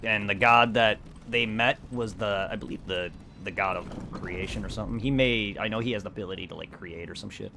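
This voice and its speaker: Rambling, excitable young man streaming. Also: on the low side, fairly quick, gravelly, few pauses, background noise. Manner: rambling, excitable, swears a lot. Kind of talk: casual gameplay commentary.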